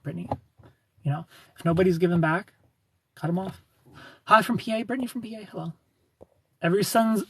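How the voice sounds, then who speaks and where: A man's voice: high voice, fairly bright tone, breathy edge. A man hosting a livestream, chatting casually and giving frank relationship advice to viewers by name. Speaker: livestream host answering viewer comments.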